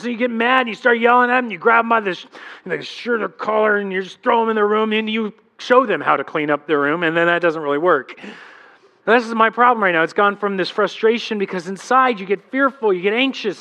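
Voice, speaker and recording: A man's voice: high voice, expressive, fast talker, pushed and bright. A man in his thirties preaching a sermon as pastor, talking conversationally and acting out quotes.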